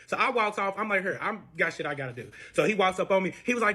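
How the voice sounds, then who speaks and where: A young man telling a profane storytime, acting out both sides of his arguments in an animated voice. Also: high-pitched, fast, hardly any pauses, breathy edge. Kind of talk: storytime chat.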